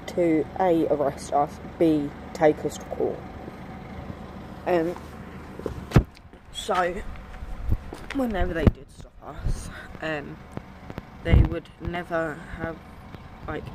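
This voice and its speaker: Brief: young woman with a British accent, slangy and animated, telling a story outdoors. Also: deep voice, background noise. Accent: British, London slang. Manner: slangy, animated, swears freely. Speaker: vlogger. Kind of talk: casual storytelling.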